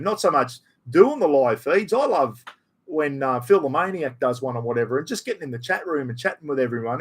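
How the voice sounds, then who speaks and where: A man's voice: fairly high pitch, fairly bright tone, husky. A middle-aged Australian man hosting a live stream, rambling in casual chat full of slang. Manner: rambling, chatty, ocker slang.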